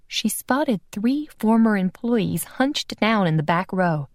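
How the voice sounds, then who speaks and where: A woman narrating an audiobook in an even, unhurried storytelling manner. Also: mid-range voice, dry recording, clean studio sound. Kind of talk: scripted narration.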